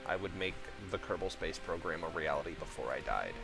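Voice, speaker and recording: A man's voice: deep voice, a little fast, vocal fry, over music, low-quality recording. A man chatting casually while streaming a game, blunt and profane, joking about being a dad. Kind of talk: casual rambling chat while gaming.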